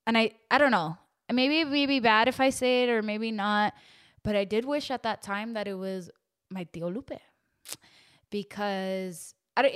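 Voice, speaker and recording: A young woman hosting a podcast, telling a painful personal story in an emotional, halting way with lots of fillers and restarts. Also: medium pitch, a bit bright, clear, resonant tone. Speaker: podcast host.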